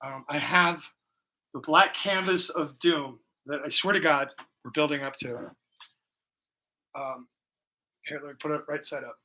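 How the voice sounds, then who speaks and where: A man's voice: a little high, fairly even intonation, measured pace, pauses often, pushed and bright, a little hiss or hum. A man chatting casually and profanely to his viewers while he paints, talking from his room at home. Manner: rambling, profane, jokey. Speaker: painting livestream host. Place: bedroom at home.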